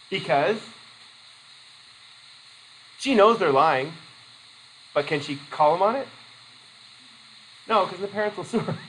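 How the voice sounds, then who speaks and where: Man, teacher, classroom lecture, fairly high voice, faint background noise. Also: slow pace, pauses often, low-quality recording. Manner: lively, acts out quoted voices, laughs easily.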